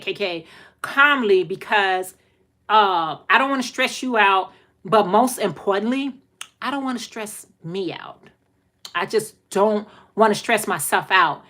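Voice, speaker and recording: A middle-aged woman hosts a casual livestream and chats with her viewers. Her voice is bright and clear, at an ordinary pitch for a woman. She talks in a folksy, rambling way and circles back to repeat her points. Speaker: livestream host.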